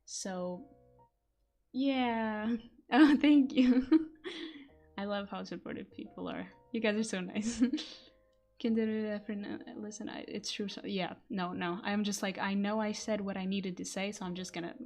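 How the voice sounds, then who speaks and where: A woman's voice: mid-range voice, fairly even intonation, measured pace, a little mellow, soft background music. Giggly woman with a non-native accent. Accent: non-native English accent. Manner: giggly, chatty, self-deprecating. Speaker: streamer and voice actor. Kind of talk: casual live-stream chat. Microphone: quiet desk mic.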